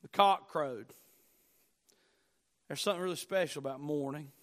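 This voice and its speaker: High-voiced man preaching with swinging intensity. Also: normal speed. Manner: emphatic preaching, swinging between loud declarations and low, hushed lines; repeats key phrases for effect. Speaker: pastor. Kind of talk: sermon.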